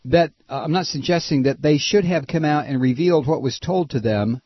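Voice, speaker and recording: A man hosting a talk radio show, ranting heatedly and sarcastically about politics with a husky voice. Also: on the high side, fairly quick, dry recording, muffled recording. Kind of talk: impassioned political radio monologue.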